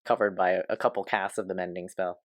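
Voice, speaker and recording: A woman's voice: rumbling low, level tone, quick pace, no echo. A woman running a tabletop game as game master, often laughing as she describes what happens. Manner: giggly, laughs while describing.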